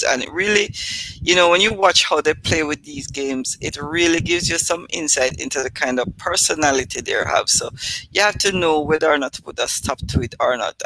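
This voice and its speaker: A woman's voice: deep voice, fairly bright tone, a little hiss or hum, poor audio. A middle-aged woman with a Jamaican accent hosting a live stream, chatty and laughing at her own stories. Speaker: host. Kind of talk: casual live-stream storytelling.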